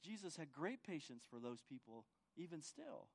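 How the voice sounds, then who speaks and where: A man's voice: fairly high pitch, sing-song, normal speed, gravelly. A man preaching a sermon as pastor, often asking the congregation for agreement and repeating words as he restarts. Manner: asks the congregation for agreement with tag questions.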